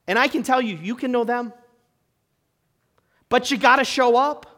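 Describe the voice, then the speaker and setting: A pastor preaching to his church in a conversational way, asking the room questions and swinging between loud emphasis and quiet, hushed lines. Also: very high-pitched, moderate pace. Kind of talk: sermon.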